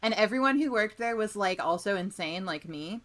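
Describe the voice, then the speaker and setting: A woman co-hosting a book podcast in casual chat, giggly and excitable. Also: mid-range voice, moderate pace. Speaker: podcast co-host.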